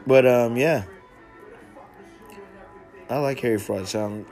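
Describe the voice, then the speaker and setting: A man's voice: mid-range voice, takes it slowly, darkish tone, faint music behind. A man hosting a casual podcast chat, laid-back and slangy, swearing freely. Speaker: podcast host.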